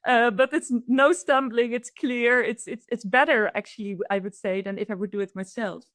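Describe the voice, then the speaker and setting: A woman with a Dutch accent speaks in a fairly high voice, eager and quick to restart her sentences as she explains things. The sound is dry and close, with almost no room echo. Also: steady tone, fairly bright tone. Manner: enthusiastic, restarts often. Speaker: guest, AI consultant. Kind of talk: conversational interview.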